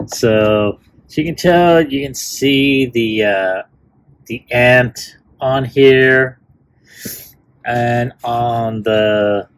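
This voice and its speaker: Slow, rambling man reviewing toys. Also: medium pitch, slight background noise. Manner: rambling, many fillers and restarts. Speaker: toy reviewer. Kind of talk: casual unboxing review.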